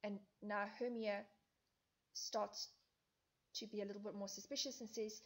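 A woman's voice: medium pitch, little pitch movement, a little slow. A woman teacher explaining a classic play in a lesson video, turning old lines into plain modern speech. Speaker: English teacher.

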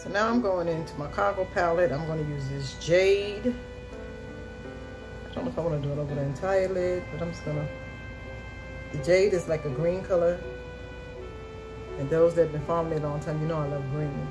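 A woman's voice: deep voice, a little fast, long pauses, low-quality recording. A woman vlogger talking through her makeup tutorial in a chatty, exuberant way, repeating her catchphrases. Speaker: beauty vlogger. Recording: music playing behind her.

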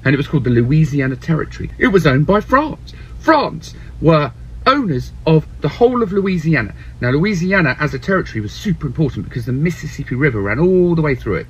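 A man retelling history in an animated comic way, swearing and putting on voices. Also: a little high, brisk, breathy edge. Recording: dull lo-fi sound.

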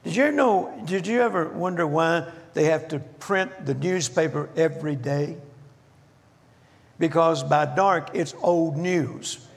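Older guy preaching, raspy high voice, folksy jokes, big echoey church hall. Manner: folksy, jokey, slows down for emphasis. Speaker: guest minister. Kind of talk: humorous storytelling sermon. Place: church auditorium.

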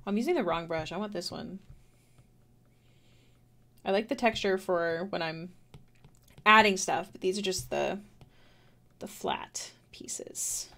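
A woman's voice: lowish voice, moderate pace, pauses often, fairly bright tone. A young woman from Canada chatting casually as she draws on a stream, rambling to herself with frequent giggles. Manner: rambling, self-talking, giggly. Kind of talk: casual chat while drawing.

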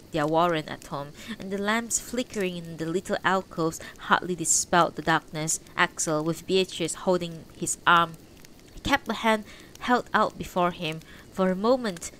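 A woman's voice: on the low side, a bit bright, a little hiss or hum, rough recording. A woman reading a novel aloud on a livestream, unpolished, correcting her slips as she goes. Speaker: audiobook reader on a livestream.

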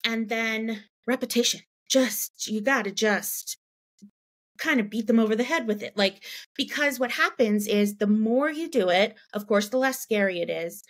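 A woman in her thirties chats easily about her experience as a parent in a podcast interview. She leans on filler words like "you know" and "right?". When she quotes other people, her voice jumps higher and gets livelier. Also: moderate pace. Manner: animated, acts out quoted dialogue in a raised pitch. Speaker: guest, parent. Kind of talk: conversational interview storytelling.

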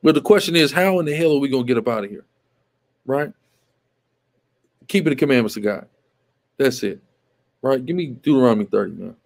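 A man's voice: mid-range voice, animated, a little fast, creaky, long pauses. A man hosting live commentary, talking emphatically and repeating himself, often asking "right?". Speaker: show host.

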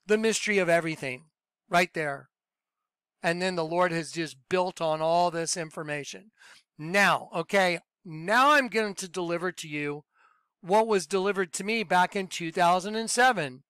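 A man hosting a religious video, talking in an emphatic, excitable way and repeating his points. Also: sits high, normal speed, clear, resonant tone, no echo. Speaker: Christian video host.

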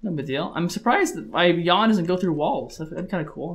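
A man talks over his own match in live gameplay commentary. His voice sits a little high for a man, and he swings from casual chatter to yelling and swearing at the game. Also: fairly quick, hardly any pauses. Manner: excitable, swears, shouts at the game. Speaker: gaming commentator.

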